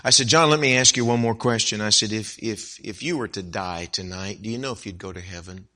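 A male preacher tells a personal story from the pulpit with a bright, forceful voice. He acts out each side of the dialogue, and his voice climbs high for emphasis before dropping back to a plain telling tone. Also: a little fast. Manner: animated storyteller who acts out dialogue, rising to emphatic peaks. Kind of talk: sermon storytelling.

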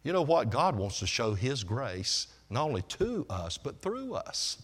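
A man preaching a sermon, swinging from hushed, quiet passages to loud, emphatic ones. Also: mid-range voice, huge pitch swings, measured pace, breathy edge. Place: church service. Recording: long reverb of a large hall.

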